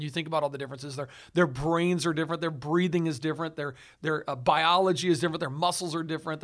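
A man talking as a guest in a casual studio chat, animated and emphatic, often laughing. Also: on the high side.

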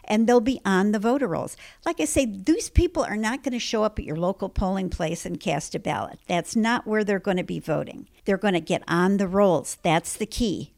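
A woman from Illinois, a guest in a political interview, explaining her points emphatically and punching key words with sudden jumps in pitch. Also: a little mellow. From Illinois, United States. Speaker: election integrity activist guest.

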